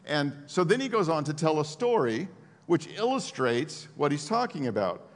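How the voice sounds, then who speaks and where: A man preaches in a casual, talky way, his fairly high voice leaping up and down with emphasis. A long hall reverb lingers behind him. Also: moderate pace. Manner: conversational, animated preaching with asides. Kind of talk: sermon.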